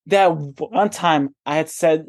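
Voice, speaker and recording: A young adult man co-hosts a casual podcast, speaking slowly in a slightly high voice. He stutters, keeps repeating words, swears freely and laughs often while telling his stories.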